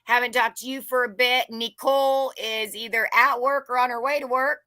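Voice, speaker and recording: A woman's voice: a little high, steady tone, normal speed, bright, forceful tone, no room sound. A woman hosting a livestream, chatting casually, joking and greeting viewers by name. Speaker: livestream host. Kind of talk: casual live-chat greetings.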